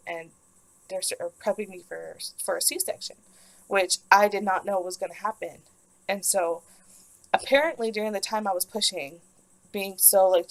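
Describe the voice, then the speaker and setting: A woman's voice: mid-range voice, creaky, rough recording. A woman in her twenties telling a personal story casually and candidly, cursing freely and acting out what people said. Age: 20s. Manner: candid, swears often, reenacts quotes. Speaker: vlogger.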